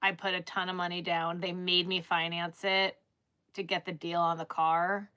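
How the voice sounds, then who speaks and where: A woman's voice: fairly low pitch, little pitch movement, moderate pace, bright, forceful tone, clear, resonant tone. A woman chatting casually on a live stream, rambling with lots of restarts and filler words.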